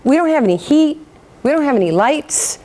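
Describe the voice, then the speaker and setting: A worn-down working mother lays out the hard facts to her child, as a woman speaking voices her. She is blunt and firm, and her voice sits fairly high. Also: lively intonation, fairly quick, dark tone. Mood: stern.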